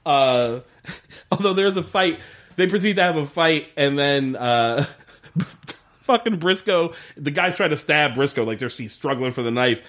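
A lively man in casual chat, his pitch swinging widely as he retells scenes and acts out quotes. He swears freely and laughs as he talks. His voice sits a bit high for a man. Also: measured pace. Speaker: podcast co-host. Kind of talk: casual chat recapping a TV episode.

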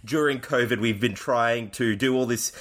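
A man's voice: medium pitch, moderate pace, fairly bright tone. A man co-hosting a podcast, chatting casually with sarcastic, joking remarks. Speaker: podcast co-host.

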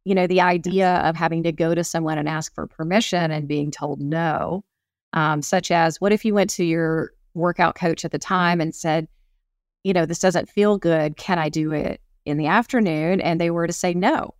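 A woman's voice: low-pitched, steady tone, normal speed, no room sound, clean studio sound. A middle-aged woman co-hosting a podcast in casual chat, reflective and storytelling, acting out little quotes. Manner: reflective, tells examples, acts out quotes. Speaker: podcast co-host.

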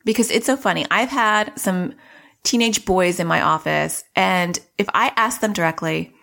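A middle-aged woman with a slightly low voice talks parents through a topic in a relaxed, chatty podcast style. She slips into little voices when she acts out what children say. She sounds like a coach explaining things to listeners. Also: moderate pace, creaky. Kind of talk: casual podcast teaching.

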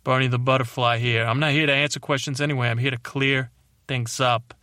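A man doing a cranky, loudmouthed male butterfly with a put-on tough-guy accent, ranting and rambling at humans in a comedic monologue. The voice sits in a middle pitch and sounds close and dry, with no room around it. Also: steady tone, very fast, no room sound, natural voice. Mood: irritated.

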